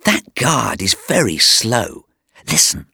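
A woman's voice: very deep voice, sing-song, slow, gravelly, pushed and bright, breathy edge, no room sound, studio quality, heavily acted. A man reading a learner's storybook and voicing a clever young woman who speaks lightly and confidently. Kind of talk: graded reader story acting.

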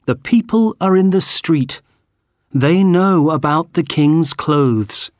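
A man narrating a textbook story in slow, clear, expressive scripted delivery. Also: fairly high pitch, no echo, studio quality.

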